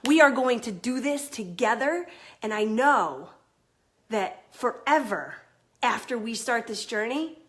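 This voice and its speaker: A woman coach giving an energetic, emphatic motivational talk on a livestream. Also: a little high, a little slow. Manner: energetic, emphatic, swears then apologizes. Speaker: confidence coach.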